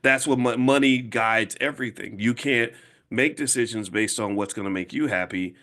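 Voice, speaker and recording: A man in his fifties speaking to a live audience as a finance educator, emphatic and casual, repeating points slowly to drive them home. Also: mid-range voice, sharp tone. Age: 50s. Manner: emphatic, slow and repetitive for emphasis; casual, conversational, direct address. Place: room with an audience.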